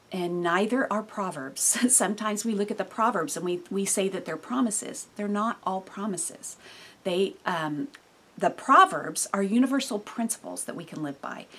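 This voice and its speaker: A woman living in California gives a casual devotional Bible talk, animated and laughing often, with sudden bursts of loudness. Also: mid-range voice, breathy edge. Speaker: Bible teacher.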